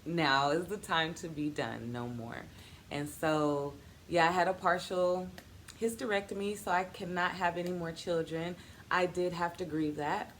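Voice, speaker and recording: A woman's voice: on the low side, a little slow, slight background noise. A woman in her thirties sharing a personal testimony in a vlog, earnest and faith-filled, acting out the people in her story as she tells it. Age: 30s. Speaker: vlogger.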